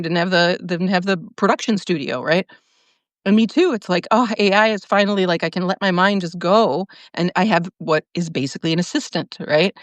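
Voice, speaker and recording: A woman's voice: on the low side, no room sound. A woman hosting a casual livestream, talking in a rambling stream of consciousness with restarts and frequent laughter. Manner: many restarts and fillers. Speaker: podcast host.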